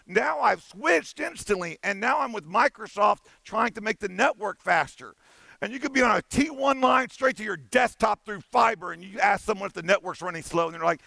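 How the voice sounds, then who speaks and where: Animated bright-voiced man telling a story. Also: sits high, normal speed, creaky, no echo. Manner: animated, playful, acts out dialogue. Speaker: conference keynote speaker. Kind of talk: storytelling conference talk. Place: conference stage.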